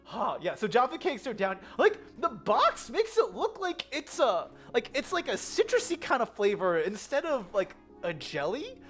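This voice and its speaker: An American woman telling a story in a casual vlog, animated and giggly. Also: a little high, moderate pace, hardly any pauses, faint music behind. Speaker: vlogger. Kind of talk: casual chatty vlog with slides.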